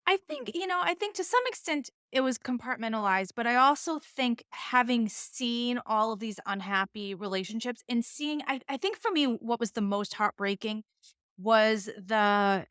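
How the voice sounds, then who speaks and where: A woman's voice: on the high side, moderate pace, fairly bright tone, clean tone, no echo, clean studio sound. A middle-aged woman with a Boston accent, a divorce attorney telling her own story candidly as a podcast guest. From Boston area, US. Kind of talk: podcast conversation.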